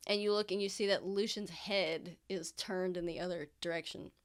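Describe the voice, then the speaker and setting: A woman's voice: on the low side, fairly even intonation, moderate pace. A woman running a tabletop game, narrating in a loose way full of fillers. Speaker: game master.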